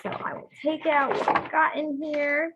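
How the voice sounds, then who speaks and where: Female kids' presenter, gentle and instructive, slow delivery, slightly high voice. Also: little pitch movement, muffled recording, heavy background noise. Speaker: children's program presenter. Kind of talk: storybook reading and craft tutorial for kids.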